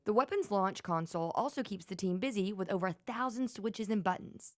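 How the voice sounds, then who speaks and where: A woman TV news reporter reading a scripted feature voice-over in a measured, clear way. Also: mid-range voice, a little hiss or hum.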